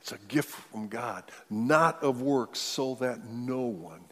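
A man preaching a sermon, moving between loud declarations and hushed near-whispers. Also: medium pitch, slow, long reverb tail. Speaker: pastor.

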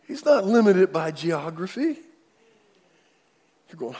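Casting: man preacher with a slightly high voice, lively delivery, long echo of a church hall. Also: moderate pace, slightly rough. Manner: animated preaching, voice jumps high and loud when quoting. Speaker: pastor. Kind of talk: sermon.

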